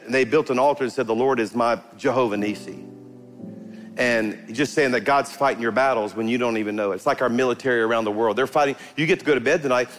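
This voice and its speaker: A middle-aged man preaching a sermon to his congregation, emphatic and animated, calling out to the crowd and rising into bursts of fervor. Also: mid-range voice. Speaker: pastor. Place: church sanctuary before a congregation.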